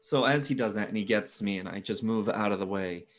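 Lowish voiced guy at the d&d table, relaxed, lots of uh's. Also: a little fast, a little hiss or hum. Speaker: player. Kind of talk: casual game chat.

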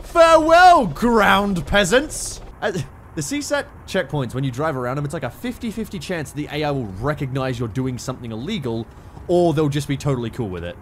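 Sweary excitable Australian man. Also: mid-range voice, quick pace, a little hiss or hum. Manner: excitable, sweary, sudden shouted outbursts. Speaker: gaming streamer. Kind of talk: casual gameplay commentary.

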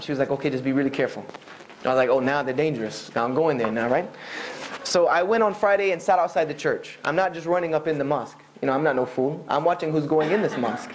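A man in his thirties tells a humorous personal story to an audience, animated and acting out the people he quotes. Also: on the high side, slight background noise. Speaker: Islamic speaker telling his conversion story.

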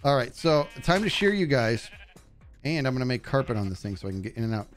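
A man's voice: mid-range voice, very animated, quick pace, soft background music. A man streaming a game live, chatting casually to his viewers and to the animals on screen. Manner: chatty, talks to animals and chat. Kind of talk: live gameplay commentary.

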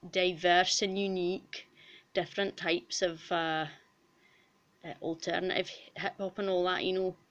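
A foul-mouthed female cow with a thick Scottish accent, put on by a woman. She talks in a boisterous, rowdy rush, swearing freely. A brash comic puppet character with a slightly low voice. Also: lightly acted.

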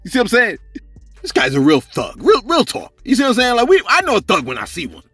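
A man's voice: high-pitched, huge pitch swings, fast talker, a bit bright, slightly rough, dry recording, soft background music. A man hosting a celebrity gossip channel in a casual, joking style, often laughing and asking "you see what I'm saying?".

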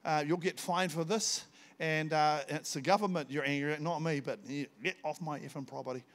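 An older man, preaching a sermon in church, telling personal stories and acting out the dialogue with bursts of shouting. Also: fairly high pitch, fairly quick. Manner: storytelling, animated, bursts into shouts when acting out scenes. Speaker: visiting pastor.

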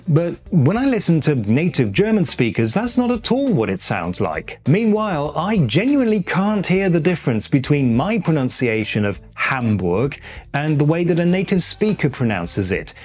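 Lively, dry-humored British man explaining phonetics. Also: a little high, breathy edge. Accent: British, received pronunciation. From Britain. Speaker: educational YouTuber. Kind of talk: explainer video narration. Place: small room with poor acoustics, audio cleaned up. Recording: faint background music.

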